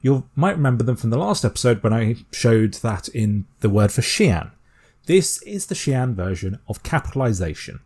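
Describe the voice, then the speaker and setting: A British man explaining a constructed language step by step in a calm, methodical tutorial voice. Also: medium pitch, moderate pace, slightly rough. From Britain. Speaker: language teacher.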